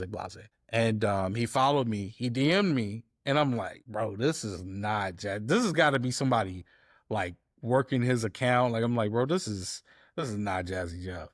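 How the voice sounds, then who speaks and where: A man's voice: mid-range voice, no room sound, studio quality. A man telling stories in a casual interview, a DJ guest acting out quoted conversations as he goes. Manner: animated storyteller acting out quoted dialogue. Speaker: guest, DJ and editor.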